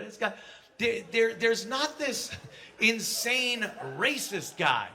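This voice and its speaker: Bright-voiced man telling a story. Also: extremely high pitch, lively intonation, slow. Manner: storytelling, acting out quotes with raised voice; frequent restarts and stammers. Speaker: conference speaker. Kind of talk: anecdotal speech to an audience.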